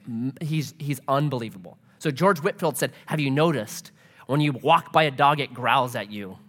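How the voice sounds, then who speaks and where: A middle-aged man preaching a sermon in a relaxed, conversational way, mixing humor and personal stories. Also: a little high. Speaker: pastor. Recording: long hall reverb.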